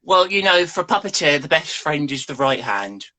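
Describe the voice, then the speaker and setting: A man's voice: a little high, big pitch swings, normal speed, bright, forceful tone. A man hosting a live stream chat show, asking questions in a playful, teasing way. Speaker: host.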